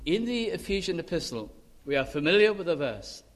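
A man preaching a sermon, earnest and emphatic, with dramatic pauses. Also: fairly high pitch, big pitch swings. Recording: long hall reverb.

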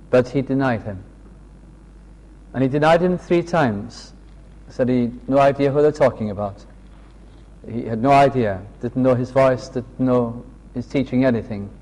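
A man gives a sermon in an earnest, unhurried storytelling manner and acts out the quoted dialogue. His voice sits at an everyday middle pitch. A long reverb trails each phrase, as in a large hall. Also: darkish tone. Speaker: preacher.

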